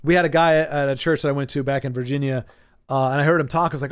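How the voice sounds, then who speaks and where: A man in his forties chatting casually on a stream, rambling, with lively, animated delivery and frequent restarts. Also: a little high, fast, clean tone. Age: 40s.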